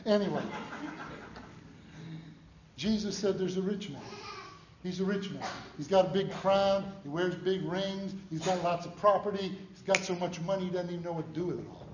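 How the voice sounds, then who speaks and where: An older man preaches with folksy humor and a lively, fairly high voice that rises and swells as he tells stories. The sound is roomy and a little dull, with faint noise behind him. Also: moderate pace. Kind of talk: storytelling sermon.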